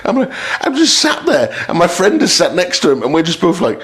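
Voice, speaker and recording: Animated man telling a story. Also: high-pitched, brisk. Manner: animated, acts out voices of people in his story. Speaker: podcast guest. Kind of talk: casual storytelling chat.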